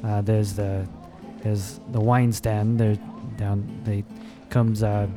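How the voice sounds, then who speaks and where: A man's voice: on the low side, little pitch movement, takes it slowly, music in the background. A man voicing a lovesick, hoofed male merchant in a tabletop game, talking with hesitant, filler-heavy sales patter. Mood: salesy.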